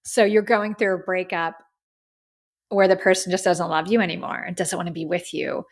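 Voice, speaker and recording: A woman's voice: on the low side, level tone, moderate pace. A woman hosting a casual music review podcast, talking in an effusive, heartfelt way and often saying "like.". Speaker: podcast host.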